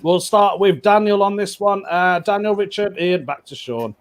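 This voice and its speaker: A man's voice: high-pitched, normal speed. A man hosting a casual online pun contest, cheery and giggly as he calls on contestants in turn. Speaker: host. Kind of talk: casual online comedy show.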